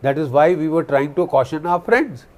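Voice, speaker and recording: Guy ranting through political commentary, kinda high voice, repeats himself a lot, lots of uhs. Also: expressive, normal speed. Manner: emphatic, repeats phrases, many fillers. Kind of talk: impassioned commentary.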